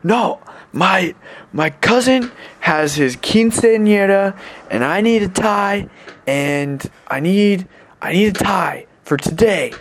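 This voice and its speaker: A man voicing a drunk, drugged-up stranger on the street who shouts threats and demands in a high, strained voice. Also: animated, slow, full character voice. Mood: demanding.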